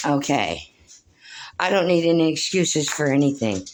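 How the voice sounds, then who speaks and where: A woman's voice: sits low, very animated, normal speed, a little hiss or hum. An older woman from Oregon talking into her phone, rambling through an emotional spiritual monologue. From Portland, Oregon. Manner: emotional, preachy, swings between soft and loud; talks baby-talk to her dog. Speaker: vlogger.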